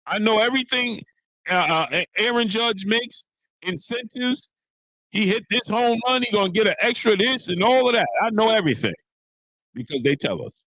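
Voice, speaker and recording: Animated male sports stream host. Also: high-pitched, normal speed, dry recording. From New York. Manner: animated, preachy, repeats lines for emphasis, greets chat viewers. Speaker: sports talk show host. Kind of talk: casual live-stream commentary.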